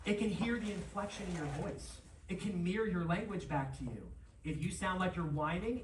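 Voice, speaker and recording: A conference presenter giving an energetic live seminar talk to an audience, quick to call on the crowd. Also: mid-range voice, slight background noise. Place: large conference room, on stage. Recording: echoey hall, voice from far off, faint ambience.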